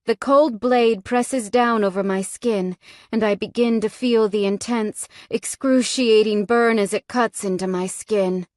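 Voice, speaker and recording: Slow, dry-voiced woman narrator. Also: mid-range voice, fairly even intonation, darkish tone, dry recording. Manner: tense, dramatic. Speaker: audiobook narrator. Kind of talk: first-person romance narration.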